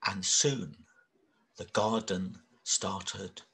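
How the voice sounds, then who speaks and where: A man telling a children's story, very expressive and dramatic, dropping to whispers and rising to cries. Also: low voice, drawn-out words.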